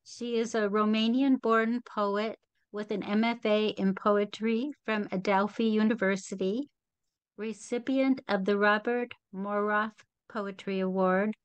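A woman's voice: medium pitch, smooth. A woman hosting a reading series, welcoming the audience and reading a guest's bio. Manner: reads a guest bio aloud. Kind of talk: introducing readers.

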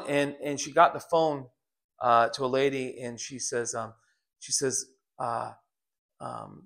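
A man's voice: medium pitch, steady tone, a little slow, vocal fry, a bit bright. A middle-aged man preaching a sermon, telling stories earnestly with frequent restarts. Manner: earnest, storytelling with repeated restarts.

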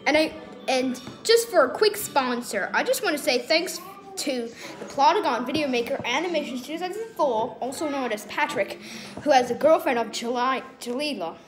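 A woman chatting casually, giving a rambling shout-out. Her voice sits high and moves around a lot as she talks. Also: expressive, moderate pace, faint music behind. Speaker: channel creator. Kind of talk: casual shout-out to other creators.

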